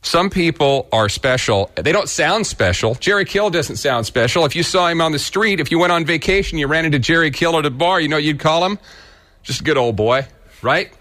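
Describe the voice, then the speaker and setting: Blunt radio host with a rural Kansas accent. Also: male voice, on the high side, animated, a little fast, fairly bright tone. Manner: blunt, folksy and emphatic. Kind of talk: opinion commentary monologue.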